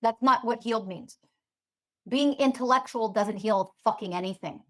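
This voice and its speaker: A woman's voice: on the high side, fairly bright tone. Fiery, foul-mouthed woman with a raised voice. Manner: fiery, profane, rapid rhetorical questions; sarcastic. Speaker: podcast host and spiritual teacher. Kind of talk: heated podcast monologue.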